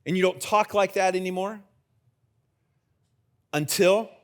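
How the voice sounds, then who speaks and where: Middle-aged male pastor, conversational sermon with jokes for the congregation, voice a bit on the high side. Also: measured pace. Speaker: senior pastor. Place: church sanctuary with live congregation.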